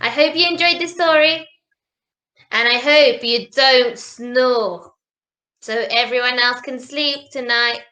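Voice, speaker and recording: A woman reading a picture book aloud to children in a slow, sing-song, animated way. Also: a little high. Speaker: storybook reader. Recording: roomy echo.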